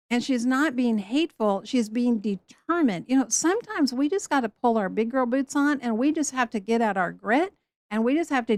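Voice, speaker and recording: Expressive woman teaching the Bible. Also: on the high side, dry recording. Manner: animated storytelling, acts out quoted people.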